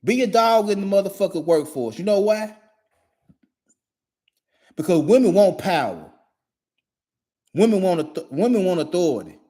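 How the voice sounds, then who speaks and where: A man's voice: high voice, very animated, normal speed, pauses often, mellow. A man in his forties delivering a blunt, profane monologue in a repetitive, emphatic way.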